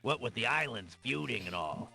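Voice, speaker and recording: A weary old ferryman out of work, gruff and folksy, with a thick Brooklyn accent. His voice rises and falls a lot as he reminisces, with game music playing behind him in this old computer adventure. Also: medium pitch, expressive, moderate pace. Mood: wistful. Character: older male island ferryman, weary and nostalgic. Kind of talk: 1990s computer game voice acting.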